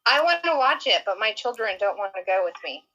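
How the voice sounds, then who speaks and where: A woman's voice: a little high, sing-song, a little fast, pushed and bright, muffled recording. A woman and mother chatting on a group stream, hesitant and laughing. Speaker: fellow streamer. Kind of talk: casual chat on a group stream.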